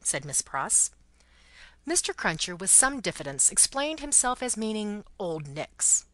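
A woman giving expressive scripted narration of a classic novel for listening practice. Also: medium pitch, unhurried, no room sound. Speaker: audiobook narrator.

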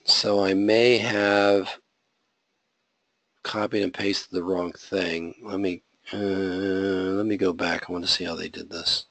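A man's voice: sits low, steady tone, takes it slowly, a bit bright, no room sound. A man teaching a web design class, talking through his code step by step and checking in with the students. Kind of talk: live coding lecture.

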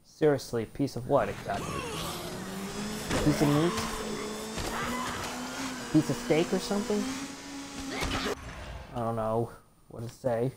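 A man's voice: medium pitch, expressive, takes it slowly, long pauses. A man commentating a zombie game as he plays, easily frustrated, swearing and talking back at the game. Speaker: gameplay commentator. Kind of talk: let's play commentary. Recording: loud game noise behind.

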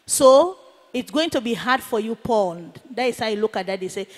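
A woman's voice: a little high, expressive, moderate pace. A woman minister, preaching by retelling a confrontation and voicing each speaker in turn. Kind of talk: sermon storytelling. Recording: long hall reverb.

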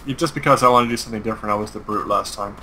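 A man talking casually while playing a co-op game, relaxed and matter-of-fact. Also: fairly low pitch, racing. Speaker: co-op gaming guest. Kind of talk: casual co-op gameplay chat. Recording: very noisy game voice chat.

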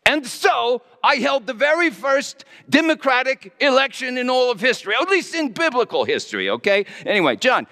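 A male pastor preaching a dramatic first-person monologue, speaking in character as a Roman governor with a theatrical, halting delivery. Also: extremely high pitch, sing-song, sharp tone. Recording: long reverb of a large hall.

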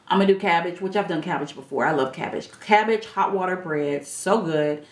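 A woman's voice: fairly low pitch, a little fast. A woman speaking in a casual style, chatting bluntly and animatedly as a dating life coach on a livestream. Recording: echoey room.

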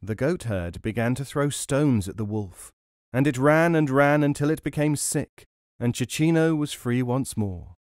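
Male folk-tale reader: steady, measured narration, dead dry studio sound. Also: medium pitch, dry recording. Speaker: storyteller. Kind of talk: audiobook storytelling.

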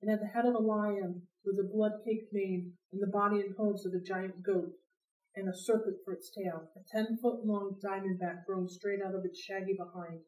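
A woman reads a novel aloud for a library read-along, telling it in an expressive, steady way. Her voice is at a middle pitch and carries a roomy echo. She sits back from the microphone. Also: moderate pace. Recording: roomy sound, distant from mic.

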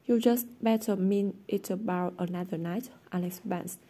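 A woman's voice: mid-range voice, steady tone, normal speed, mellow, close to an everyday voice. A woman voicing a good-natured but easily exasperated teenage boy in a storybook reading, teasing and indignant.

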